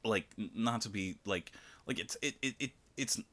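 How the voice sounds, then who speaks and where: A man co-hosting a film podcast in casual chat, animated and quick to laugh. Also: lowish voice. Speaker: podcast co-host.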